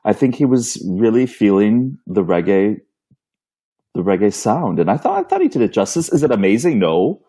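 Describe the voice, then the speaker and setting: A man co-hosting a podcast in casual chat, animated and quick to laugh. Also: fairly low pitch, breathy edge. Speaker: podcast co-host.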